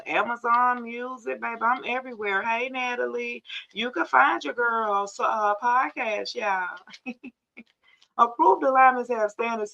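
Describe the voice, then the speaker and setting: A woman's voice: a little high, creaky, bright, forceful tone. A woman hosting a casual live tarot reading, chatting straight to viewers and calling them y'all, on dull lo-fi stream audio.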